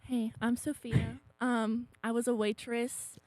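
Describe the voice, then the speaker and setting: A woman's voice: a little high, slow, no room sound. A woman with a slight Southern twang, a guest telling stories in casual chat with plenty of fillers. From American South. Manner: relaxed storytelling with many fillers.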